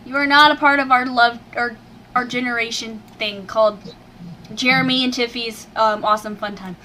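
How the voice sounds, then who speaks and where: High, bright-voiced hyper woman. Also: fairly even intonation, normal speed, slight background noise. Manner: hyper and giggly. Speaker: co-host. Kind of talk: casual chat.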